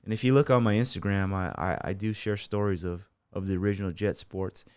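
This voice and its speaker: An American man with a lowish voice tells a long anecdote as a podcast guest, loose and rambling, peppered with "you know" and "man". His voice is close and dry, with no room around it. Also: fairly even intonation, fairly quick, a little mellow, smooth, dry recording. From United States. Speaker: podcast guest, bull rider and gym owner. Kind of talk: casual storytelling interview.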